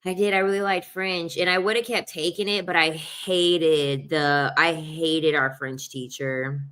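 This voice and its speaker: Bright-voiced woman chatting slowly. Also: low-pitched, steady tone, clear, resonant tone. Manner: chatty, emphatic, laughs often, repeats herself. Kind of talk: casual chat to camera.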